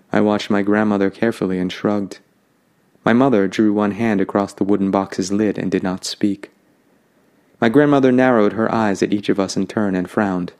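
A man narrating a fantasy story in a calm, lyrical way. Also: fairly low pitch, normal speed.

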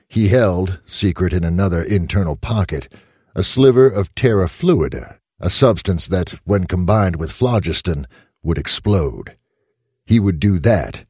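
A man narrating a short story in an expressive audiobook style. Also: low voice, husky, no room sound, clean studio sound.

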